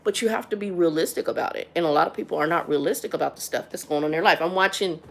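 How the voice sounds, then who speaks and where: Blunt, gravelly middle-aged woman. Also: fairly low pitch, racing. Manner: frank and blunt, stumbles and repeats words. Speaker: livestream host. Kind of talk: casual livestream chat.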